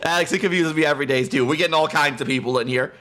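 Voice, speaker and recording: A man's voice: a little high, racing, noisy background. Giggly, playful man streaming. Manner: giggly, playful, keeps breaking into laughter. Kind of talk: casual live-stream chat. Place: home room. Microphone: close desk mic.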